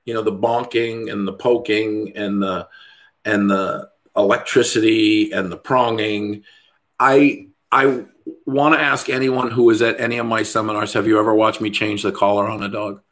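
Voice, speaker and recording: Blunt, gravelly-voiced man ranting. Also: fairly low pitch, moderate pace. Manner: blunt, profane, animated ranting with mimicked voices. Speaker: dog trainer. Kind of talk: casual podcast chat.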